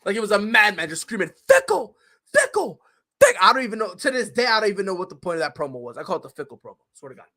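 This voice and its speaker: A man's voice: high-pitched, lively intonation, rapid-fire, hardly any pauses, bright, forceful tone. A man hosting a podcast, ranting in a casual, heated and profane way with lots of swearing. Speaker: podcast host.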